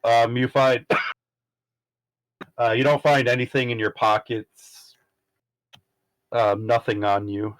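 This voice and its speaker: A man in a mid-range voice runs a tabletop game as its game master. He narrates the scene haltingly and fills his pauses with ums and uhs. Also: mid-range voice, little pitch movement, low-quality recording.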